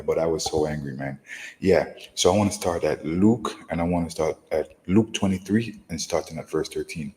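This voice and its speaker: A man's voice: low-pitched, a little mellow, in a large hall, poor audio. A man teaching from scripture in an emphatic, repetitive way, often asking "right?". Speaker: preacher. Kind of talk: scripture lesson.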